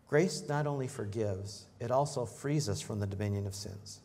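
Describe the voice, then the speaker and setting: A man preaching a sermon in a conversational way, joking with the congregation and rising in pitch and volume when he reads scripture. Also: moderate pace, hardly any pauses, warm tone. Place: church in front of a congregation.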